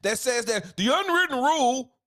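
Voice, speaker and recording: A man's voice: very high-pitched, very animated, normal speed, pushed and bright. A man hosting a solo sports podcast, ranting in a heated, emphatic way with casual slang.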